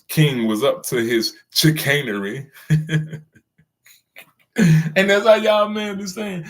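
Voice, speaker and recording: A man's voice: mid-range voice, a bit bright. A man hosting his own channel, delivering a loose, slangy commentary rant and chuckling at his own jokes.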